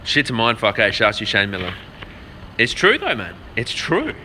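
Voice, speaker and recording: A man's voice: on the low side, huge pitch swings, moderate pace, pushed and bright. A young man vlogging in casual, rambling talk, swearing freely and calling the listener "man" and "bro". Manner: rambling, profane storytelling with lots of "man" and "bro". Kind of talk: casual vlog chat. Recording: faint background noise.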